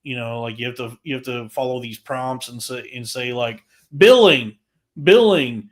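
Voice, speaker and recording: Man, podcast co-host, crude and animated rant, heavy swearing, mid-range voice. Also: mid-range voice, normal speed. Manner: crude, profanity-heavy storytelling; animated, frequent restarts. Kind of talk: casual podcast chat.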